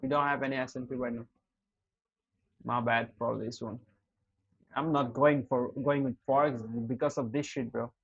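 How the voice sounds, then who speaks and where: Husky, cursing man on a muffled stream. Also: medium pitch, fairly even intonation, normal speed, long pauses. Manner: exasperated, heavy cursing, talks to chat as "dude" and "bro". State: smoking a cigarette while talking. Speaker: live trading streamer. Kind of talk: live-stream commentary to chat.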